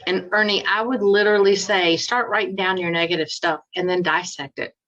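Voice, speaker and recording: A woman's voice: mid-range voice, steady tone, fairly quick, fairly bright tone, dull audio. A woman trainer coaching sales agents on a video call, chatty and upbeat as she tells stories.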